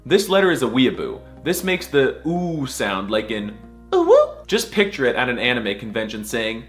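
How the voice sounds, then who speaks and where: A young man narrates in a mock-serious comic voice, his pitch swinging widely as he drags out goofy sounds. He talks at an ordinary middle pitch over faint music playing behind him. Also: huge pitch swings, moderate pace. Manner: mock-serious, crude jokes, silly letter sounds. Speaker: comedic video narrator. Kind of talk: comedic scripted narration.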